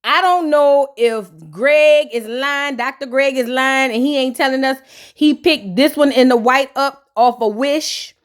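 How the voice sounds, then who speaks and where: Woman, high voice, sassy gossipy reviewer, casual reaction commentary. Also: unhurried. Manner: sassy, gossipy, slangy and animated. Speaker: reality TV reviewer.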